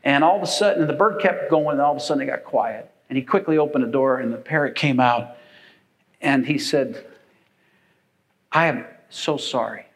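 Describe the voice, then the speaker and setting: A man's voice: mid-range voice, brisk, low-quality recording. An older man preaching a sermon as pastor, folksy and rambling, with frequent fillers.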